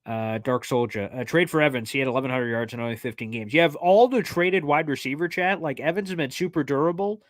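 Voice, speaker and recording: A man hosting a casual sports livestream, answering fan questions in an excitable, jokey way with plenty of fillers. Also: medium pitch, dry recording, clean studio sound. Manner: excitable, jokey, fast-talking with many fillers. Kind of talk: casual live chat reading fan questions.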